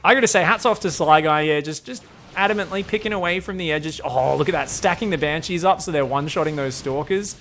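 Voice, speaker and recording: A man's voice: a little high, fast, fairly bright tone, a little hiss or hum. A man streaming game commentary, rambling, joking and swearing freely.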